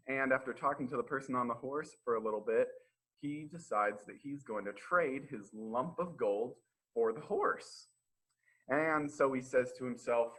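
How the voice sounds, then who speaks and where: Bright husky man telling a kids' story. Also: medium pitch, unhurried, low-quality recording. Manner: chatty, asides and questions to children. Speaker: storytime presenter. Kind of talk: children's storytime retelling.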